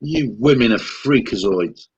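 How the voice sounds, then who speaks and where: A man's voice: medium pitch, expressive, measured pace, creaky, darkish tone, slightly rough, lo-fi sound. A man chatting casually as co-host, playful and mock-offended in the banter. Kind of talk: casual chat.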